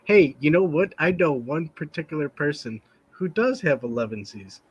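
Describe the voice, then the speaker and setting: A man's voice: a little high, lively intonation, normal speed, husky, muffled recording. A tired man from the United States in casual podcast chat who rambles, jokes and laughs often.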